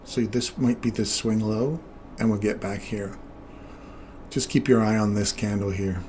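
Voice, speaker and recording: A man's voice: fairly low pitch, fairly even intonation, measured pace, a little mellow, slight background noise. Joking male trading streamer. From Canada. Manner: joking, laughs often. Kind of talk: casual live-stream commentary.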